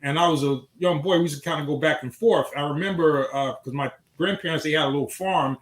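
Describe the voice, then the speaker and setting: A man from Chicago hosts a casual talk show, easing into a relaxed childhood story. His voice sits a little high. The room around him rings with echo. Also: fast talker. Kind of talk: casual chat.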